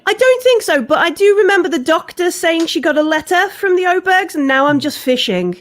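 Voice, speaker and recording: A woman playing a tabletop role-playing game, chatting casually and enthusiastically, with playful, halting restarts. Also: extremely high pitch, animated. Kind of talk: casual in-character chat.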